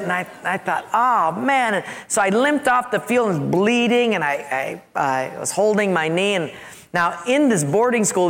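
A man preaching a storytelling sermon as a pastor, animated, acting out his own yelps and asides. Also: high-pitched, in a large hall.

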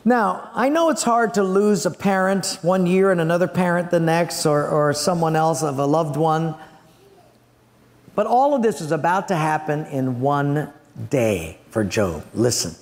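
High-voiced preacher in a reverberant hall. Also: male voice, a little slow. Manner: animated storytelling, acting out scenes. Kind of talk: sermon.

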